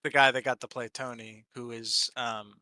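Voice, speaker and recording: A man chatting casually as co-host of a hobby stream, rambling with many fillers and pausing to search for names. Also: mid-range voice, level tone, sharp tone, no room sound. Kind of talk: casual chat.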